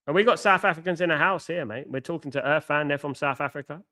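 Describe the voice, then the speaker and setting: Bright-voiced man chatting on a live stream. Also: on the high side, fast talker. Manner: chatty, repeats himself, banters with viewers. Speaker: watchalong host reading live chat. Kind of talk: live stream commentary and chat.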